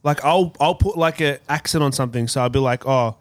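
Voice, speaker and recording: A man co-hosting a casual podcast, telling animated stories, slipping into impressions and laughing often. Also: mid-range voice, fairly quick, no room sound. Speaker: podcast co-host. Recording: noticeable background noise.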